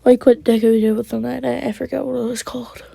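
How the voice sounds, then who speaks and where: Soft-voiced woman rambling through a story. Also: fairly high pitch, level tone, fast talker, vocal fry, husky, dry recording. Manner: rambling, quoting characters with "he's like"; often drops into a whisper. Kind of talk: casual fan story retelling.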